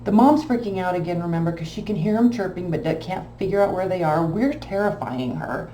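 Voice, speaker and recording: A woman's voice: lowish voice, fairly quick. A woman telling a long personal story in a casual, emotional, rambling way. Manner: animated, emotional, rambling anecdote. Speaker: tarot reader. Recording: echoey room with faint background hum.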